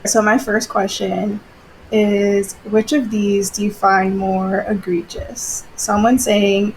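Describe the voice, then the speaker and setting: Gravelly-voiced woman podcast co-host. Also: medium pitch, flat delivery, takes it slowly, a little hiss or hum, rough recording. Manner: blunt, casual, some swearing. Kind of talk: casual chat.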